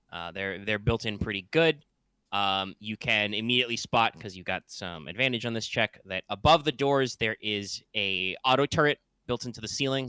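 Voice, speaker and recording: Low-ish bright voiced guy running a tabletop game, chatty, dry close sound. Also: clean tone, dry recording. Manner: loose, chatty narration with fillers and sound effects. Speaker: game master.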